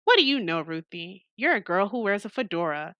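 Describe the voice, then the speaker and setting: A woman voicing a mischievous teenage girl with a menacing streak, reading a visual novel aloud, with teasing jabs that turn flat and cryptic. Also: medium pitch, a little fast, dry recording, highs cut off.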